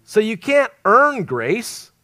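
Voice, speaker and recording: A man's voice: high-pitched, takes it slowly, no echo. A man preaching a sermon to a live congregation, telling stories with jokes and laughter. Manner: animated storytelling with laughs and joking asides. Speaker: traveling evangelist preacher.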